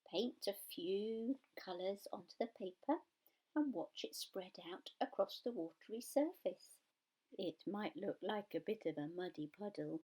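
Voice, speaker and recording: A woman giving calm, friendly step-by-step craft instructions for young children. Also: medium pitch, slightly rough, rough recording. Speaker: museum learning presenter.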